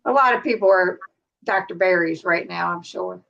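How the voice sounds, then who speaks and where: A woman from the American Midwest hosting a casual live stream chat, talking in quick asides and laughing often. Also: lowish voice, vocal fry, fairly bright tone, dull audio. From Cincinnati, USA.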